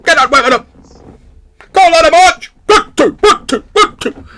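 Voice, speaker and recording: A man's voice: very high voice, expressive, moderate pace, bright, forceful tone, slight background noise, voice pushed up, full character voice. A man voicing a giant scarab beetle that barks parade-ground orders like a drill sergeant. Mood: shouting orders.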